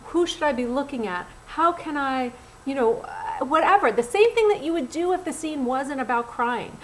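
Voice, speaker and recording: A middle-aged woman, a casting director and acting coach, giving acting tips straight to camera in a blunt, animated, conversational way. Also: high-pitched, normal speed, slight background noise, rough recording. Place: Los Angeles.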